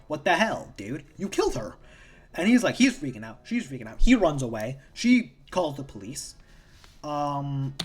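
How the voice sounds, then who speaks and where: A casual comic book reviewer recapping a story in a rambling, profane way that often repeats itself. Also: mid-range voice.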